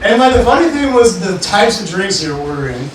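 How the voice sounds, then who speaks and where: A man's voice: sits high, big pitch swings, brisk. A young man from the Mississippi Gulf Coast performing a casual, profane stand-up set full of fillers, in a bar with a live audience. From Mississippi Gulf Coast, USA. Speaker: stand-up comedian. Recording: echoey, distant, noisy live bar recording. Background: room ambience and crowd noise.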